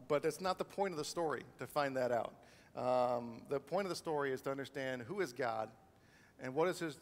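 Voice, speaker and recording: Pastor preaching in an echoing church hall. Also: male voice, mid-range voice. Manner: conversational, many fillers and restarts, asks "right?". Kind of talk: sermon. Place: church sanctuary.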